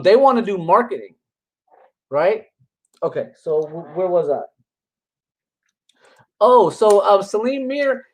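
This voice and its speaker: A man's voice: high voice, rough recording. A man giving casual reaction commentary on religious videos, combative and mocking, rambling with scoffing laughs. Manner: rambling with frequent restarts.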